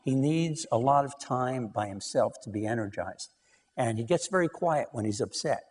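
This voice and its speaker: A man's voice: medium pitch, animated, normal speed, a little mellow, in a large hall, a little hiss or hum. A man giving a conversational lecture on couples research, telling anecdotes and acting out dialogue, with frequent "you know".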